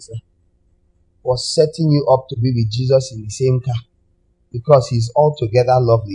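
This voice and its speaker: A male pastor preaching a sermon in an animated way, breaking into sudden high mocking cries. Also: slightly rough, rough recording.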